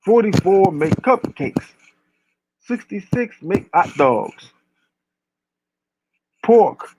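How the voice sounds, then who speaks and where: High-voiced man ranting bluntly. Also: animated, very slow, background noise. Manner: blunt and profane, piling up lists. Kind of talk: casual rant.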